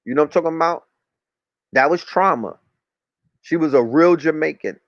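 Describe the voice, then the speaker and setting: On a dull, dry lo-fi recording, a man with a fairly high voice chats casually as a podcast guest at a moderate pace. He rambles, using plenty of street slang and cursing.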